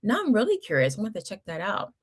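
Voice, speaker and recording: A woman's voice: medium pitch, huge pitch swings, racing, slightly rough. A middle-aged woman hosting a casual livestream, reading viewer comments and giving encouraging, chatty advice with laughs and restarts. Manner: Southern-style address to viewers. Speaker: homeschool channel host.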